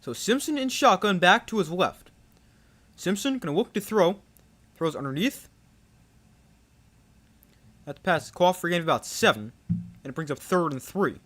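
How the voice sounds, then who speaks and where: Young male play-by-play caller, high lively voice that jumps on big plays. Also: moderate pace, long pauses. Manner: excitable, rising sharply on big plays. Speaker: play-by-play streamer. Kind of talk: live play-by-play commentary.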